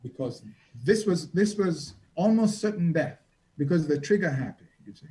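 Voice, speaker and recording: A man's voice: a little high, expressive, moderate pace, warm tone, low-quality recording. A man, a reporter and guest, telling vivid stories from his travels in a dramatic, conversational way. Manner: vivid, dramatic storyteller acting out quotes. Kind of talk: storytelling in a conversation.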